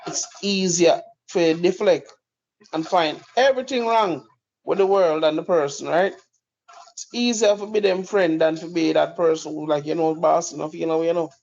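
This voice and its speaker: A man's voice: a little high, moderate pace, gravelly, a little mellow. A man giving blunt, profane opinionated commentary as a podcast host. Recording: dull lo-fi recording.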